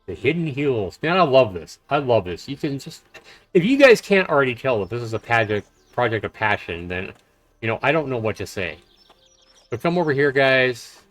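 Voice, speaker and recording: A man's voice: medium pitch, very animated, normal speed, fairly bright tone, faint music behind. A man doing casual live commentary while playing a game, chatty and loose with fillers. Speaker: game streamer. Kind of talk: live let's-play commentary.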